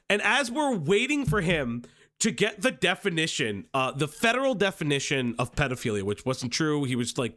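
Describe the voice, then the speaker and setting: A man's voice: on the high side, pushed and bright. A man hosting a commentary stream, telling a story in casual chat, laughing often mid-sentence and swearing a lot. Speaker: stream host.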